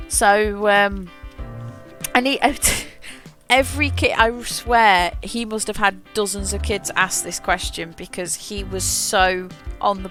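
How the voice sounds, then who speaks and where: A young woman streaming a game, telling a long school memory in a rambling, animated way with frequent laughs and self-corrections. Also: mid-range voice. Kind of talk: casual storytelling while gaming.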